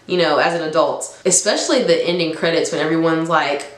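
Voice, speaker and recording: A woman in her twenties with a low-pitched voice chats briskly and enthusiastically in a casual vlog, laughing often, in a recording with a roomy echo.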